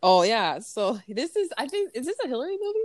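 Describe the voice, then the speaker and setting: A woman's voice: a little high, very animated, a little fast, no room sound. A woman co-hosting a podcast in casual chat, giggling and acting out movie quotes as she recaps scenes. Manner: giggly, acts out quotes with voices. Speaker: podcast co-host.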